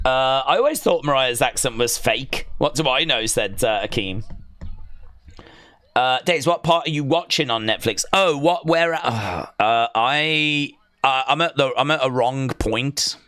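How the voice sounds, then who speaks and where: A man's voice: mid-range voice, unhurried, pushed and bright, no echo. An English man hosting a casual watch-along live stream, rambling as he reads viewer comments aloud and reacts to them.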